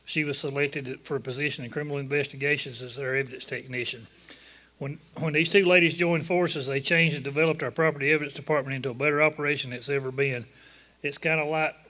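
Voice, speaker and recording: A man's voice: a little high, bright, forceful tone. A man with a Southern US accent, a sheriff's office officer presenting an award in a folksy, joking, plain-spoken way. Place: luncheon event room.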